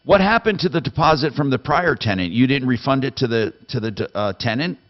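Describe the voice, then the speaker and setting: A man's voice: mid-range voice, expressive, fairly quick, dull audio. A man hosting a call-in radio show, giving blunt, stern advice to a caller. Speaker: radio consumer advice host.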